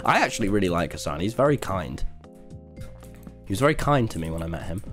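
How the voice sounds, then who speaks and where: A man's voice: low-pitched, big pitch swings, quick pace, a bit bright, faint music behind. A young man streaming a game, talking in a chaotic, cheeky way, swearing freely and often laughing. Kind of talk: casual gaming livestream commentary.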